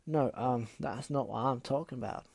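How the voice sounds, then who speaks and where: A plain-spoken country pony mare , played by a man, who hesitates before she speaks and uses a folksy turn of phrase. Her voice is mellow and slightly raised, and the sound is dry. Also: medium pitch, normal speed, gravelly, husky, no room sound. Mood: hesitant.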